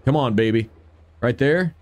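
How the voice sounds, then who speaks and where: A man's voice: medium pitch, normal speed, darkish tone, dry recording. A man giving upbeat gameplay commentary and cheering on his own shots. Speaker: gaming video creator.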